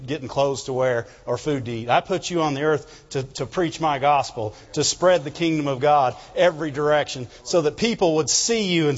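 A man preaching a sermon as pastor, fervently calling out "Amen?" to the congregation. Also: fairly high pitch. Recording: reverberant hall, dull lo-fi sound.

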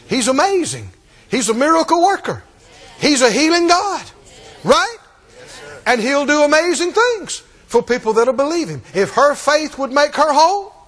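A man's voice: extremely high pitch, a bit bright, long reverb tail. A man preaching a rousing, emphatic sermon and calling out to his congregation.

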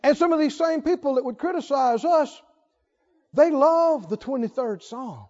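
A man's voice: very high voice, animated, normal speed, a little mellow, in a large hall, muffled recording. A man preaching a sermon, drawing out phrases, singing lines and leading the congregation in call-and-response. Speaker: pastor.

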